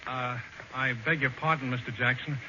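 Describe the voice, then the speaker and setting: A man's voice: medium pitch, steady tone, normal speed, lightly acted. A young man playing an earnest, lovesick suitor in a 1940s radio comedy, pleading eagerly. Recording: muffled hissy 1940s radio broadcast.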